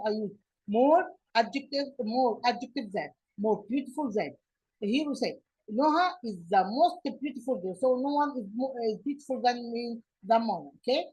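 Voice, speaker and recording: A woman teacher with an Egyptian accent, explaining English grammar from slides, pausing often with fillers and restarts. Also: a little high, a little mellow, husky, low-quality recording. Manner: halting, many fillers and restarts. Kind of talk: slide-based grammar lesson.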